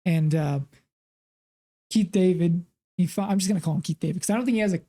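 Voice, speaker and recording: On a film podcast, a male co-host retells movie scenes in a rambling, casual chat loaded with fillers. His high-pitched voice is mellow and moves fast.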